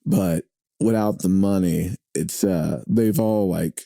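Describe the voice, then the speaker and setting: Sitting in for a casual interview at the host's home, a drummer and radio host speaks slowly in a dark, mellow, creaky voice of fairly low pitch. He rambles, doubles back and fills gaps with "uh" and "like," and the sound is close and dry with no room echo.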